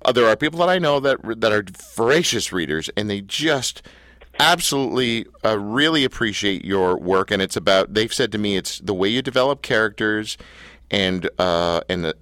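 A man's voice: lowish voice, fairly bright tone, dry recording. A man hosting an interview, joking and self-deprecating with rambling questions. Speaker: interview host. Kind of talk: casual interview chat.

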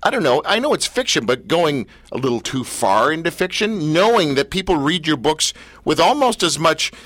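Bright-voiced male radio host. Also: a little high, sing-song, normal speed, no echo. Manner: chatty, playful. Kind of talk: radio interview.

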